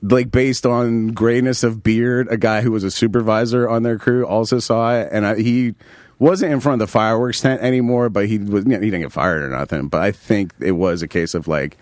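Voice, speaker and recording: A man's voice: on the low side, fairly quick, dry recording, studio quality. A man co-hosting a casual podcast, telling a story and acting out the quotes. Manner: animated anecdote teller, acts out quotes. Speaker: podcast co-host.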